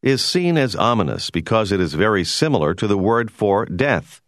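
A man giving a scripted, measured narration for a language course. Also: lowish voice, sing-song, dry recording, clean studio sound. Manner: measured, explanatory.

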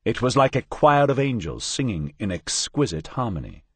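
A man narrating a science fiction audiobook in the first person, wry and expressive. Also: mid-range voice, moderate pace, husky, dry recording. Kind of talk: scripted narration.

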